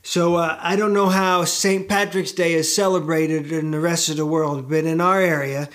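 A middle-aged American man who hosts a show and plays music tells a rambling, casual story straight to the camera, wandering into side tales and leaning on plenty of fillers. His voice is a bit higher than most men's, fairly bright, with even intonation and a moderate pace, and he keeps making fun of himself in a chatty way.

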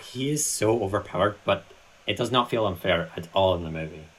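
A woman co-hosting a film podcast with a very low, husky voice. She is blunt and swears casually in easy chat. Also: lively intonation, brisk, rough recording. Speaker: podcast co-host.

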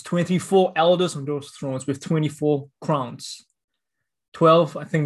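A man's voice: fairly high pitch, a little mellow. A man preaching a sermon, reading scripture and explaining it in an earnest, emphatic way with repeated words.

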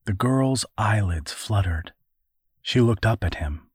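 A man narrating an adventure story in a measured, even audiobook reading. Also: lowish voice, slightly rough, no room sound, clean studio sound.

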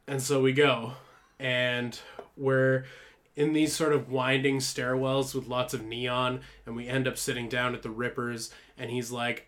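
Young dude podcast host, loose rambly storytelling, swears a lot, laughs mid sentence. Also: male voice, mid-range voice, level tone, a little slow, fairly bright tone. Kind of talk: casual chat, storytelling.

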